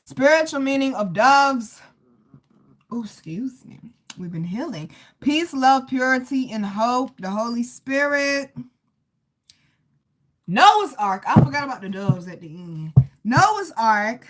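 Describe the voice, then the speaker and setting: A woman with a somewhat high voice giving a casual live tarot reading. She talks loosely and warmly to her viewers, calling them baby and boo. She breaks off to laugh and to greet people in the chat. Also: sing-song, slow pace. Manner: chatty, calls listeners baby and boo. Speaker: tarot reader.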